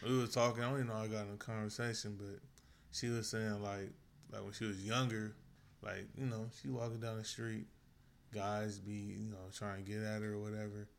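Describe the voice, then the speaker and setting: Laid-back low-voiced man. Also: little pitch movement, brisk, creaky, slight background noise. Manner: laid-back, rambling, lots of "like" and "you know". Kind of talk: casual chat.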